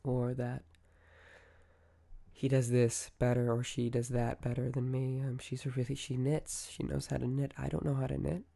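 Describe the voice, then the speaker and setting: Gravelly-voiced man musing on a podcast. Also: medium pitch, little pitch movement, normal speed, dark tone. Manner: reflective, conversational, with many fillers and self-corrections. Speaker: podcast host. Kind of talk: solo podcast monologue on mental health.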